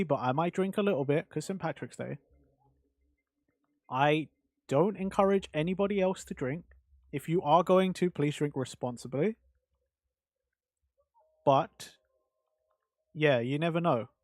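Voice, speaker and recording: Chatty male streamer, slightly high voice. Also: dry recording. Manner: chatty and rambling, answers chat with many fillers. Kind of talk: casual livestream chat.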